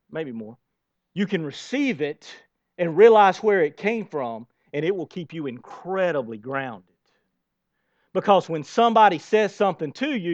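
Man, pastor preaching, high voice, dry close sound, lively, rhetorical questions. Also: dry recording. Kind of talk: sermon. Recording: dull lo-fi sound.

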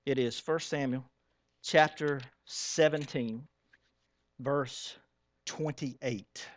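A man preaching a sermon as pastor, animated and asking the congregation questions as he acts out the story. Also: mid-range voice, drawn-out words. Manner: acts out Bible characters in quoted voices.

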